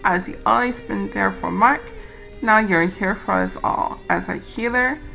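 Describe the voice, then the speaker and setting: A woman voicing a calm, motherly tea-room lady who speaks in a gentle, measured way. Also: mid-range voice, gravelly, faint music behind, heavily acted, low-quality recording.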